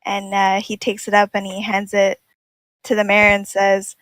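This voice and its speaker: A woman playing in a tabletop game, describing her character's actions haltingly. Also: medium pitch, monotone, fairly bright tone, no echo. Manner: hesitant, halting with fillers. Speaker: player.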